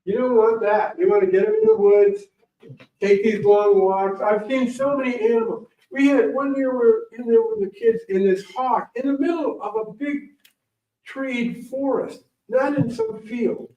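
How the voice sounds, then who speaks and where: In a library meeting room, a morel hunting champion appears as a guest speaker, telling an audience rambling, animated stories at a moderate pace. His voice is very high, and the recording sounds roomy, distant and dull.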